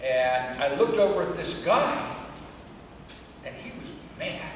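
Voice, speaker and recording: A woman's voice: deep voice, lively intonation, slow, slight background noise. Woman preaching in a cavernous church. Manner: conversational, drops to a hush for a story. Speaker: priest. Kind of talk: sermon. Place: church before a congregation. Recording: echoey church from far off.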